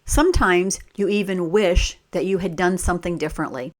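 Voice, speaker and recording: A woman reading a children's picture book aloud as a teacher, pausing to ask the listeners simple questions. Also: on the low side. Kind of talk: slow read-aloud storytime with questions.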